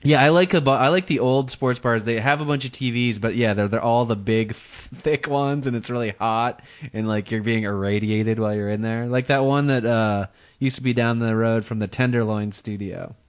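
A man in his thirties co-hosting a podcast in casual chat, often laughing and acting out quick voices as he tells a story. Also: medium pitch. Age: 30s. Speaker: podcast co-host.

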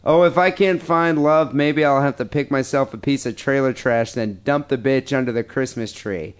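A man's voice: mid-range voice, moderate pace, clean tone. A man hosting a podcast, reading listener emails aloud with crude, profane, joking banter. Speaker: podcast host.

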